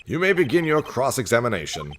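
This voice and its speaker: A man's voice: mid-range voice, sing-song, quick pace, fairly bright tone, slight background noise, voice pushed up. A man voicing a stern, formal male judge in a video game, with a raised, pompous delivery.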